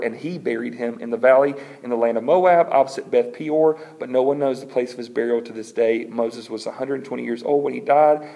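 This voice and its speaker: A man preaching a sermon, telling a scripture story with humor and animated delivery and reading verses aloud. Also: mid-range voice. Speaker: pastor.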